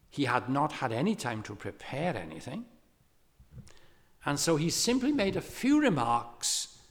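Animated preacher man in a reverberant hall. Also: medium pitch. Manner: animated storytelling preacher, rising to impassioned exhortation. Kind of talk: sermon.

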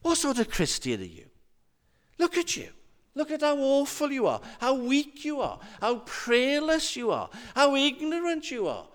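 A man's voice: very high voice, huge pitch swings, unhurried, a bit bright, voice pushed up, heavily acted. A man voicing a nagging inner voice of self-doubt that scornfully belittles the listener.

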